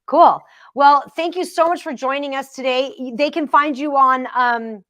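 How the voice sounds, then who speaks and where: A woman's voice: high-pitched, moderate pace, a bit bright, dry recording, studio quality. A woman hosting a live online author interview, upbeat and effusive as she wraps up. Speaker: host. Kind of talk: live-stream interview wrap-up.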